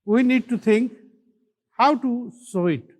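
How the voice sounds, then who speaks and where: A male pastor with an Indian English accent, preaching a sermon slowly and deliberately, leaning hard on key words. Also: very high-pitched, a little mellow. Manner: slow, deliberate preaching with emphatic stresses.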